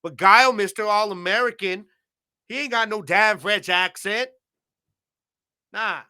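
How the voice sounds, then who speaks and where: Bright-voiced laid-back podcast host man. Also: high-pitched, a little slow, clean tone. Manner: laid-back, slangy, lots of "man" and "you know". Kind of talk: casual solo podcast talk.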